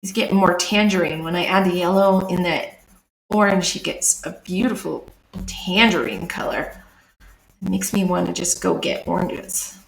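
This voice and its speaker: A streamer and artist chats casually while drawing live, talking through each step of her work. Her fairly low voice is gravelly and moderately paced, heard in an echoey room on a low-quality recording.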